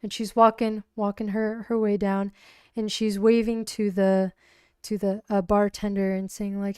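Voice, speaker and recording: Woman livestreaming her solo ttrpg, lots of restarts, smooth clear voice, dry close sound. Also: medium pitch, flat delivery, darkish tone, no echo. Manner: halting, many restarts and fillers. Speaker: solo tabletop player and narrator. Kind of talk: livestream narration of a solo tabletop game.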